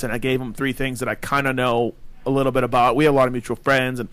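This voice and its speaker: A man's voice: mid-range voice, fast talker, smooth, no room sound. A man hosting a podcast, telling a story in casual chat and acting out the quoted lines. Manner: animated, acts out quotes. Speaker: podcast host.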